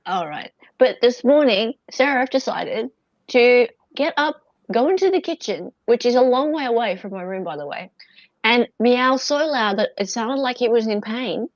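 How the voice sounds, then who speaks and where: A woman's voice: on the high side, normal speed, no echo. A woman co-hosting a casual stream, chatty and telling stories with plenty of laughter. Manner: chatty, animated storyteller with laughs. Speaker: stream co-host. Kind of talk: casual chat. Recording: dull dry lo-fi sound.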